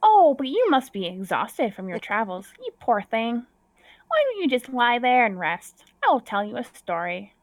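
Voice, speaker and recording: A woman's voice: on the high side, wildly swooping pitch, normal speed, dry recording. Woman playing a Wisconsin granny: kindly, doting, old-fashioned, lilting, dry close mic. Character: kindly elderly mother, sweet and fussy.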